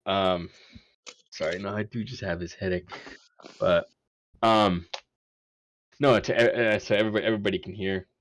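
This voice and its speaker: A man playing a tabletop game, talking casually in a halting, stammering way. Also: lowish voice, fairly even intonation. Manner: halting, stammering, many restarts. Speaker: player.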